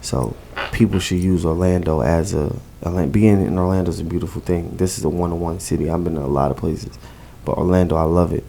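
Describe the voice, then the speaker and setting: A man's voice: sits low, fairly even intonation, brisk, vocal fry, hardly any pauses, dark tone, slight background noise. A man with a New Jersey accent talking casually in a podcast interview, emphatic and slangy, repeating phrases. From Newark, New Jersey. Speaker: event host and guest.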